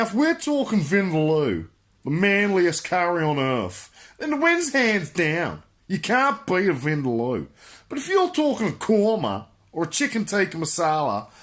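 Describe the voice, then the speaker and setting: A man's voice: high-pitched, a bit bright. Brash Australian man, crude comic rant. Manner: brash, boisterous, laughs at his own jokes. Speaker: comedy host answering viewer questions.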